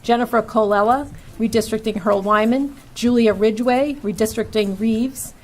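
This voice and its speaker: A woman's voice: fairly high pitch, steady tone, normal speed. A woman with a Boston-area accent chairs a school committee meeting, reading a long list of names and topics and stumbling now and then. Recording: light background noise.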